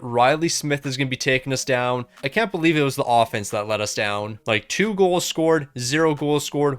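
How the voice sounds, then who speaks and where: A young man giving excited commentary over his own hockey video game season, talking himself through each playoff series. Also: medium pitch, dry recording. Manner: hyped, talks himself through the games. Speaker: gaming YouTuber.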